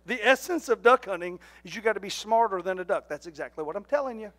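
Preacher guy, really high voice, jokey storytelling, gets shouty. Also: quick pace. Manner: animated, jokey, shouts at punchlines. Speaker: pastor. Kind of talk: storytelling sermon. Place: church.

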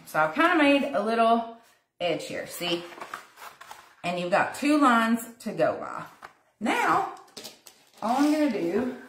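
Woman, crafter hosting a live demo; lively, higher pitch, chatty, echoey room. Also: a little hiss or hum. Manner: chatty, greets viewers by name, talks while working. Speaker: craft tutorial host. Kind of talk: casual live craft demonstration. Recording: roomy echo.

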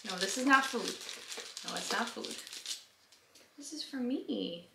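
Brief: bubbly woman vlogger, highish voice that swoops a lot while she coos at her pet. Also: expressive, unhurried, gravelly, pauses often, noisy background. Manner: sing-song baby talk to her dog. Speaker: vlog host. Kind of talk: casual unboxing vlog. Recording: roomy, echoey room sound.

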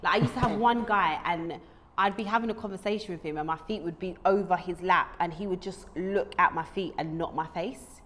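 A woman's voice: on the low side, fairly quick, a bit bright. A woman hosting a podcast in casual chat, asking playful, teasing questions. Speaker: podcast host.

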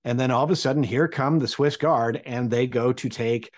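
An American man in his forties spins a personal tale for an audience, with humor and a knack for suspense. His voice sits at an ordinary male pitch, lively in the telling without strain. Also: normal speed. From United States. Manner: animated and humorous, building suspense. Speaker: storyteller.

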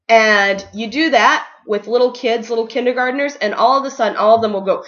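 A woman's voice: a little high, normal speed, hardly any pauses, a bit bright, dull audio. A young woman teacher giving casual, upbeat advice in a vlog, full of ums and likes. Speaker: ESL kindergarten teacher.

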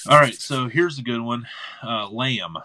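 Bright, excitable male host. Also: medium pitch, a little slow, rough recording. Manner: excitable, laughing. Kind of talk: casual live chat.

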